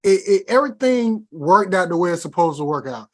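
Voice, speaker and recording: A man's voice: high voice, lively intonation, fairly quick. A man hosting a podcast, talking in loose, slangy casual chat with lots of restarts. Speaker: podcast host.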